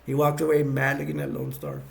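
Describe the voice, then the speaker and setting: A man with a gravelly, slightly higher voice casually retells a movie plot as a reviewer. He rambles, leaning on fillers and restarting his sentences often. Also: very animated, fairly quick.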